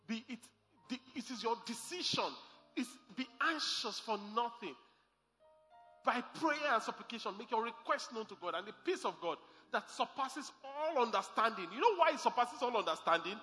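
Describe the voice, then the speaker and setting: A man's voice: very high-pitched, expressive, moderate pace, pushed and bright. A man preaching a sermon as pastor, emphatic and repeating his key lines. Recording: echoey hall with faint music.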